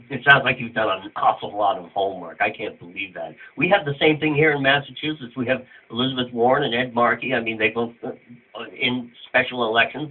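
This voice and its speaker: A man interviewing a guest, asking rambling, searching questions in a casual chat. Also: mid-range voice. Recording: tinny phone-like line.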